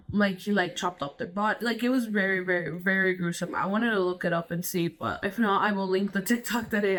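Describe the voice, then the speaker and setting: A woman host telling ghost stories in a rambling casual chat, switching between English and Spanish and saying "like" a lot. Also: mid-range voice. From Colorado, United States. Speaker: podcast host.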